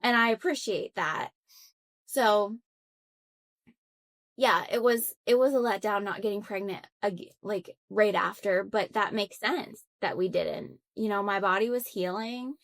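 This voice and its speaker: A young woman with a mid-pitched voice speaks as a podcast guest, telling her story earnestly and reflectively. Her talk is conversational, with many fillers and self-corrections as she gathers her thoughts. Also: a little slow, fairly bright tone. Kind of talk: conversational interview.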